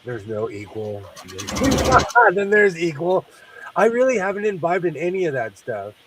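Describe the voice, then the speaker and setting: A man's voice: fairly high pitch, sing-song, measured pace, recorded from a distance, background noise. A man hosting a sewing livestream, congested from sinus trouble, chatting in a rambling way and laughing often. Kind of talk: casual chat while sewing.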